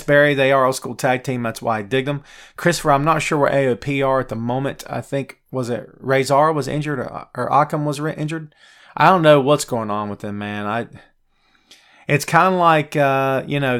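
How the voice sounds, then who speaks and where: A man's voice: mid-range voice, a bit bright, clean tone. A man hosting a live wrestling review show, chatty and opinionated, answering viewers' chat questions by name.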